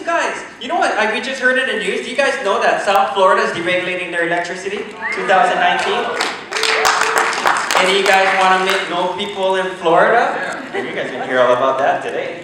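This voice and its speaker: A man giving an energetic, joking motivational speech at a business event, pushing the crowd to answer back. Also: high voice, slight background noise. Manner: energetic, joking, pushes the audience to respond. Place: large event hall. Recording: echoey hall from far off.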